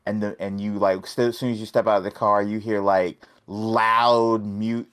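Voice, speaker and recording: A man's voice: fairly low pitch, little pitch movement, moderate pace, fairly bright tone, clear, resonant tone. A man co-hosting a casual podcast, rambling with many restarts and "like" fillers. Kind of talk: casual tech podcast chat.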